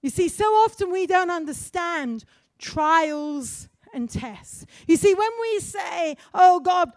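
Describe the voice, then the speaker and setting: High-voiced woman preaching with flair. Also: takes it slowly, no room sound, clean studio sound. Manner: animated, asks the congregation questions. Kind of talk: sermon storytelling.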